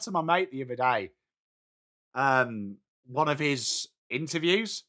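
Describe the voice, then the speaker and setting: A young English man hosting a live football watchalong, chatting excitably with viewers and calling out plays. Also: mid-range voice, slow pace. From England. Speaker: watchalong stream host.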